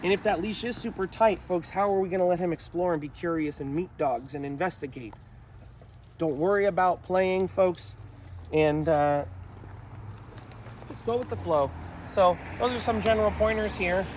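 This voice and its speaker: A man with a fairly high voice explains dog training outdoors. He speaks in an encouraging way and keeps calling his viewers folks. Faint street noise and passing vehicles sit behind him. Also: moderate pace. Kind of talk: outdoor training talk to camera. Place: outdoors in a town.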